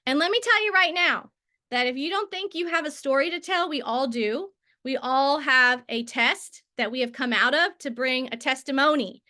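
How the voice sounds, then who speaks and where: A woman in her thirties teaches a casual session, running off on tangents and filling gaps with "like" and "um". Her voice sits high and comes across bright and forceful. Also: moderate pace. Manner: chatty, tangents and filler words. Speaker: network marketing trainer. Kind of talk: casual training talk.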